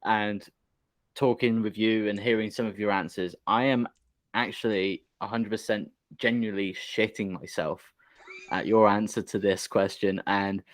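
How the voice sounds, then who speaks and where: A man's voice: fairly low pitch, steady tone, normal speed, no room sound. A man from the United Kingdom hosting a casual podcast interview, bantering, swearing and laughing often. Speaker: podcast host.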